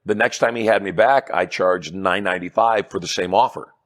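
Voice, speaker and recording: A middle-aged man with a fairly low voice appears as an interview guest, a hypnotist and persuasion trainer. Speaking briskly in a storytelling chat, he recounts tales with energy and acts out both sides of each conversation.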